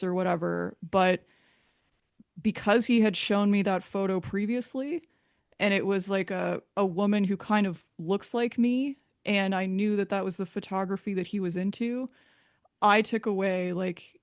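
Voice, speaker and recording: A woman's voice: fairly low pitch, steady tone, measured pace, vocal fry, clean tone, no room sound, clean studio sound. A woman being interviewed, giving a candid personal account in a hesitant way, often restarting her sentences.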